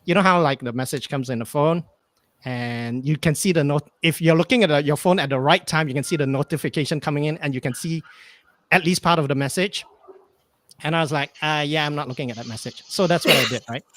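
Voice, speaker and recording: A man's voice: a little high, brisk, a bit bright, no room sound. A man telling a rambling anecdote on a remote call, hesitant and full of fillers, acting out bits of dialogue. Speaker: podcast guest. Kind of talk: casual storytelling chat.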